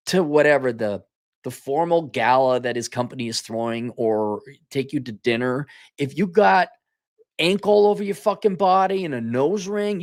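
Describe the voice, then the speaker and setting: Man, host, blunt, sarcastic, profane, swooping pitch. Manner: blunt, profane and sarcastic, reading viewer comments. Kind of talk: casual monologue.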